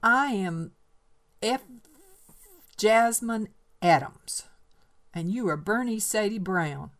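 A woman's voice: medium pitch, voice pushed up, close to an everyday voice. A woman voicing an intense twelve-year-old girl who insistently asks big questions about herself. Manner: eager, insistent, wondering.

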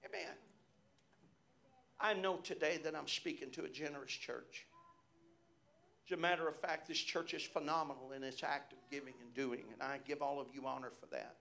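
Middle-aged man, pastor, sermon, high voice, amen after every few phrases. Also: steady tone, normal speed, vocal fry, sharp tone. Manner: punctuates phrases with repeated amens; personal storytelling from the pulpit.

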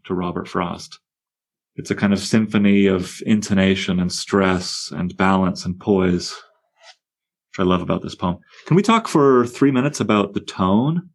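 A man leading a poetry seminar, reading lines aloud with relish and tapping out the meter as he explains it. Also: fairly low pitch. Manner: reads verse aloud with relish, taps out meter. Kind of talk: seminar discussion.

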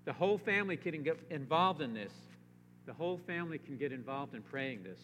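Man, pastor, emphatic sermon, rising rhetorical questions, higher voice, long reverb. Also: expressive, fairly quick, fairly bright tone. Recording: long reverb, faint hum.

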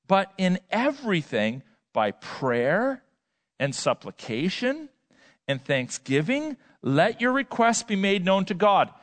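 Man preaching in a reverberant hall. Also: high voice. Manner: emphatic, swings between loud and quiet, repeats words. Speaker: pastor. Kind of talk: sermon.

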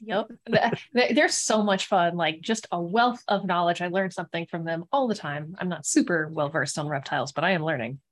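A woman co-hosting a casual podcast, upbeat and quick to laugh. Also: fairly low pitch. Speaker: podcast co-host.

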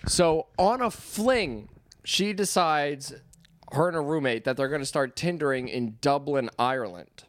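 A young man co-hosting a podcast, chatting casually with crude, quick, laughing banter. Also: a little high, no echo. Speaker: podcast co-host. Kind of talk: casual chat.

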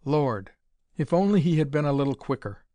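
A man's voice: on the high side, lively intonation, normal speed, warm tone, dry recording, dull audio. A man narrating a dramatic pulp adventure story, reading it aloud in a dry recording.

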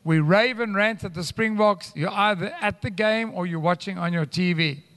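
A man preaching an animated sermon to his congregation in a church. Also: high-pitched, normal speed. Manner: animated, teaching, addresses the congregation as guys. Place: church hall. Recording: live church hall reverb.

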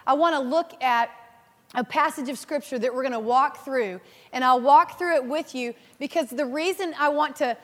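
A woman in her thirties preaching a sermon, earnest and animated, telling personal stories and laughing at herself. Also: high-pitched, normal speed. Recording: reverberant hall.

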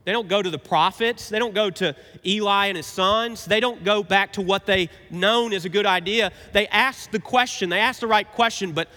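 A man in his thirties preaching a sermon, swinging between emphatic and quiet, reflective passages. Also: high voice, normal speed, hardly any pauses. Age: 30s. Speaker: pastor. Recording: reverberant hall.

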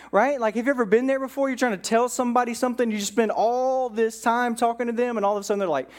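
A man's voice: extremely high pitch, fairly even intonation, fast talker, few pauses. A male pastor preaching a conversational sermon to a live congregation. He keeps checking in with "right?" and acts out bits of dialogue as he goes.

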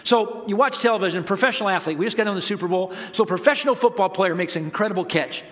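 A middle-aged pastor delivers a sermon in a chatty, funny way, his voice sitting high and moving fast. He swings suddenly between loud emphasis and quiet asides.

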